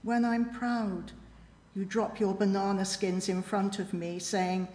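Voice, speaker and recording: A woman reads a reflective poem slowly in a mellow, soft voice. She is measured and quiet and leaves long pauses. Her voice rings through a church with a long, echoey reverb. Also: medium pitch, little pitch movement. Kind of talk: slow reflective poetry reading.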